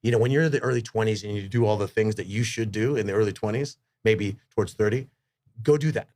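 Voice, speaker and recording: A man's voice: fairly low pitch, quick pace, darkish tone. A man as a podcast guest, telling rambling, enthusiastic stories in casual chat, swearing freely. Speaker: podcast guest, rock singer.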